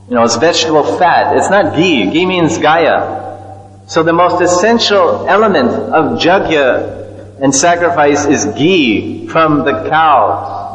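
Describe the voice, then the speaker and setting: A man's voice: fairly high pitch, fairly bright tone. A man giving a scripture lecture, telling stories and acting out sounds and voices along the way. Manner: storytelling, acts out sounds and voices. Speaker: spiritual teacher. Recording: echoey hall, dull lo-fi sound.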